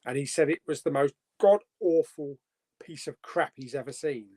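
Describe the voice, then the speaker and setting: A man's voice: fairly high pitch, normal speed, dark tone. A young man casually hosting a live movie chat stream, reading out viewer comments, joking and laughing often. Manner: chatty, laughs often, jokey.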